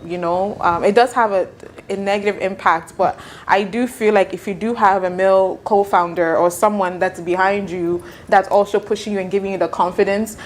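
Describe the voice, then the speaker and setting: A woman's voice: medium pitch, steady tone, normal speed, hardly any pauses, a little hiss or hum. A woman from Ghana, a business founder, speaking earnestly about working with her co-founder. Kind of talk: casual panel discussion.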